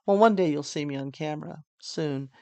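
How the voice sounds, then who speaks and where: A woman's voice: sits low, brisk, darkish tone, no room sound. An older woman hosting a casual political monologue, chatty and joking, sounding tired late at night. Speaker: podcast host.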